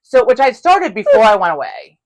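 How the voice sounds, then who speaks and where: Her voice sits on the high side and moves briskly as she co-hosts a casual podcast. Swearing freely, she brings a story to life by voicing both sides of every exchange.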